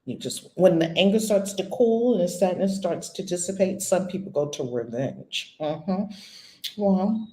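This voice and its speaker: A woman giving a spiritual lesson as a teacher, blunt and animated, swearing casually. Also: on the low side, unhurried. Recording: echoey room.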